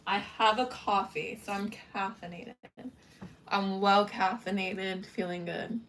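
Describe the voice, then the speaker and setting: Slow, chatty woman cooing at her dogs. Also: medium pitch, fairly even intonation, a bit bright, slight background noise. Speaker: streamer doing makeup. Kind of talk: casual live chat. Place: home with pet dogs. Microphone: phone. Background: dogs barking and whining.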